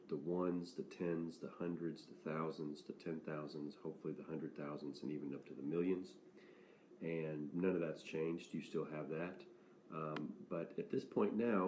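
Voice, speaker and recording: Deep-voiced man teaching math. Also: dark tone, slight background noise. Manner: conversational, frequent "okay?" check-ins. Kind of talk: classroom lesson to students.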